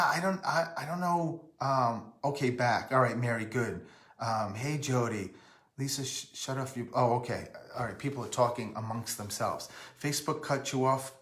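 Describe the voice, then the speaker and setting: A man's voice: medium pitch, fairly bright tone, echoey room. A man from Rhode Island hosting a casual live stream, rambling and breaking off to greet viewers by name.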